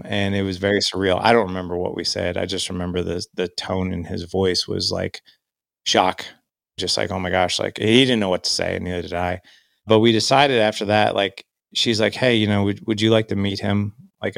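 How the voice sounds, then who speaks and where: A man's voice: low voice, creaky, fairly bright tone, no room sound, clean studio sound. A man, candidly telling his life story in a reflective way. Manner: candid, reflective, quotes himself and others. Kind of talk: personal storytelling.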